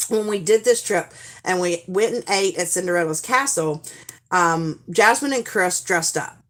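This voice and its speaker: A woman's voice: fairly low pitch, moderate pace, a bit bright. A woman, hosting a live stream in a rambling, chatty way with lots of fillers. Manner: mimics people in quoted voices. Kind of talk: casual chat.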